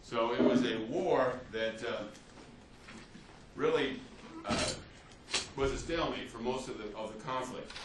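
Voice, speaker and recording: A man's voice: medium pitch, measured pace, background noise. Man lecturing in an echoey classroom. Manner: conversational, acts out quotes, frequent "you see" and "right?". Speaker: history teacher. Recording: roomy, distant, faint ambience.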